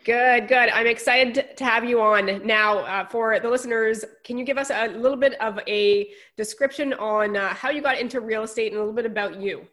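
A woman's voice: a little high, steady tone, moderate pace, hardly any pauses, fairly bright tone. A woman hosting a podcast, reading an upbeat promotional intro and asking friendly questions. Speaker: podcast host.

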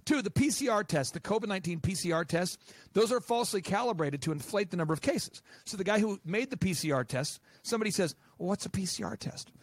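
A man with a notably high voice, fired up and talking in quick, emphatic bursts. He is a guest in an interview, recorded close and dry in a quiet studio. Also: dry recording. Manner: animated, emphatic, rapid-fire. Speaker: guest, business coach and podcast host.

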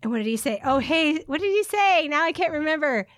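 A high-voiced woman co-hosting a podcast, chatting casually and breaking into giggles between phrases. The sound is dry and close, with no room echo. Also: animated, brisk. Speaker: podcast co-host. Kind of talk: casual chat.

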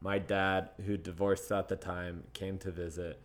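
A man's voice: sits low, measured pace. A young man, a podcast guest, telling stories in casual chat and acting out what people said, laughing often. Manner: animated storyteller who acts out quotes and laughs often.

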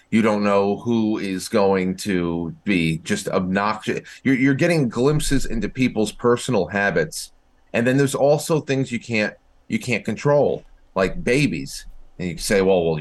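Animated man on a talk show. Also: fairly low pitch. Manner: animated, stammering restarts. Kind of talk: casual talk show conversation.

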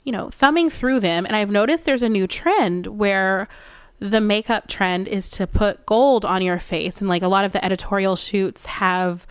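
A woman's voice: medium pitch, moderate pace, clear, resonant tone, dry recording. A woman co-hosting a casual chat, telling stories in a chatty, self-mocking way. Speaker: podcast co-host.

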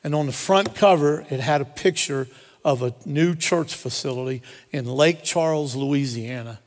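A pastor preaching a sermon, driving points home through repetition and telling personal stories. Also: male voice, medium pitch, moderate pace. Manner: repetitive emphatic preaching cadence. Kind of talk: sermon with storytelling. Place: church sanctuary. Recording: long reverb of a church hall.

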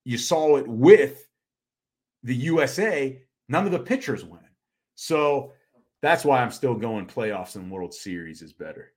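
Middle-aged guy cohosting a sports pod, laughs a lot, really lively voice. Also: mid-range voice, a little slow. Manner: animated, laughs easily, restarts often. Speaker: podcast co-host. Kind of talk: casual sports chat.

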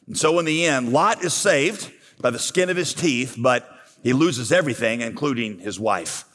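A man's voice: mid-range voice, animated, normal speed, a bit bright. Man preaching in a reverberant hall. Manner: storytelling with rhetorical questions. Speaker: pastor. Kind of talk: sermon.

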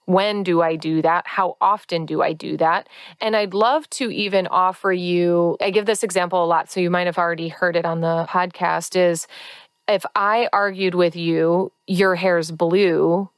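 A woman hosting a podcast as a coach, talking casually and earnestly, sometimes acting out voices in a high pitch. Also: fairly even intonation, moderate pace, clean tone, no room sound. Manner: earnest, acts out inner-critic voices in high tones. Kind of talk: casual solo podcast talk.

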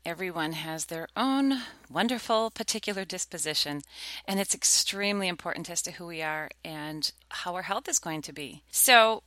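A woman's voice: fairly low pitch, expressive, moderate pace, no echo. A middle-aged woman hosting a talk show, chatting casually and acting out quotes as she tells stories. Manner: chatty, warm-toned storytelling with acted quotes. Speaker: podcast host.

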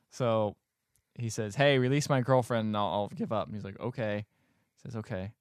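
A man's voice: lowish voice, steady tone, moderate pace, clear, resonant tone, no echo, clean studio sound. A man co-hosting a podcast, retelling a movie's plot in a sarcastic, exasperated way with casual swearing. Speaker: podcast co-host recapping a movie. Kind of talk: casual chat.

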